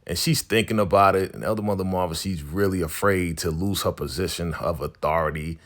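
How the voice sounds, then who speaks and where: Laid-back lowish male recap host. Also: fairly quick. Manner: animated retelling with slang and asides. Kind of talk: casual TV episode recap.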